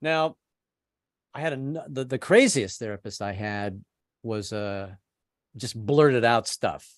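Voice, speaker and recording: A man of seventy performing a stand-up comedy set over a video call, self-deprecating and halting, with many restarts. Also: mid-range voice, dry recording, clean studio sound. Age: 70s. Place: home setup on a video call. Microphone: computer mic on a video call.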